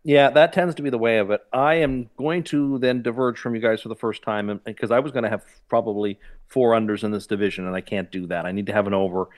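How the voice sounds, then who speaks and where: A man co-hosting a casual sports betting chat, measured and analytical in his picks. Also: lowish voice, steady tone.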